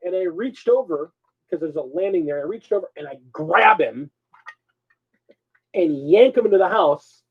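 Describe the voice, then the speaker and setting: A man co-hosting a live show, telling a story in a casual, animated way. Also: sits high, moderate pace, long pauses, slightly rough, highs cut off. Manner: animated, swings between mutters and loud bursts. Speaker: co-host.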